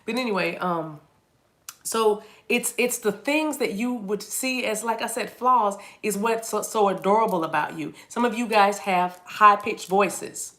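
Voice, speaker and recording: A woman's voice: medium pitch, a little slow, a bit bright. A woman giving a casual, rambling tarot reading to camera, chatty and playful, often restarting her sentences. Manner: chatty and playful, jumps into silly voices and laughs. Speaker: tarot reader.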